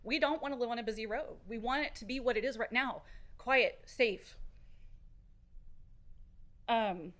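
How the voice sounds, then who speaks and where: A middle-aged woman speaks at a council chamber podium in a fairly high voice. Her delivery is earnest and halting, with restarts. She sounds close and clear on the podium microphone. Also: a bit bright. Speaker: resident giving public comment. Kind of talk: public comment at a council meeting.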